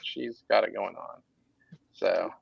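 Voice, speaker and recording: Texan man with a gravelly voice. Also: deep voice, takes it slowly, no echo, muffled recording. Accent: Southern US, Texas. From Texas. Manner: animated, rambling storyteller with frequent restarts. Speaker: artist and creative director. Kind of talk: casual chat on a livestream.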